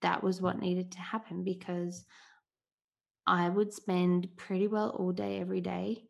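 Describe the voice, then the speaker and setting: A woman in her thirties hosting a solo podcast, talking candidly and from the heart in a relaxed, conversational way. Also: fairly low pitch, unhurried, vocal fry. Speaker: podcast host.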